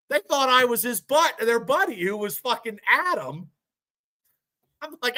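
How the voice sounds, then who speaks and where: Man in his 50s, podcast co-host, high bright voice, rambling and profane. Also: lively intonation, moderate pace. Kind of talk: casual sports podcast chat.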